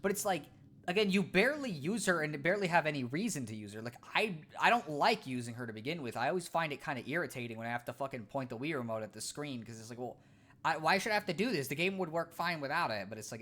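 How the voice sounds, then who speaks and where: A man's voice: fairly high pitch, expressive, fast, fairly bright tone. A young man streaming a video game, ranting casually with swearing and lots of fillers. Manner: ranting, profane, many fillers. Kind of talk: casual gaming commentary.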